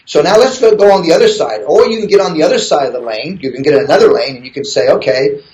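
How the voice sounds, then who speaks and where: A man's voice: on the high side, animated, quick pace, darkish tone, highs cut off. A middle-aged man being interviewed, coaching hairdressers in an earnest tone and acting out client dialogue. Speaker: interview guest, hair educator. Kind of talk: conversational interview. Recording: echoey room.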